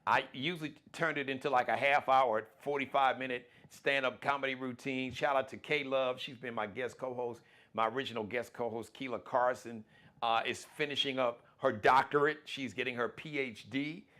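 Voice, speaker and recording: A man hosting his own live-streamed talk show, speaking in in a folksy, animated way, full of shout-outs and plugs. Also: medium pitch, normal speed.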